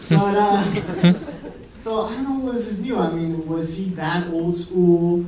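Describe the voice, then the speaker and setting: A young medical student with a high-sitting voice does a stand-up set at a comedy venue, telling rambling, profane, self-deprecating stories. He takes it slowly with frequent pauses and lively intonation. The recording is roomy and distant, with the live audience laughing.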